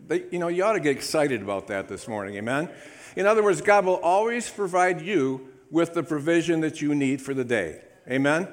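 A male pastor preaching a sermon in his church, upbeat and chatty, often calling for amens from the congregation. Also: on the high side. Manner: upbeat, calls for amens, lively congregation prompts. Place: church sanctuary.

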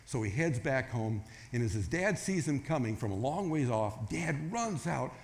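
Guy preaching, casual storytelling voice, acts out the voices, middle pitch. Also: normal speed, slight background noise. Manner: storytelling, acts out quoted voices with rising excitement. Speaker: pastor. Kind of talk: sermon.

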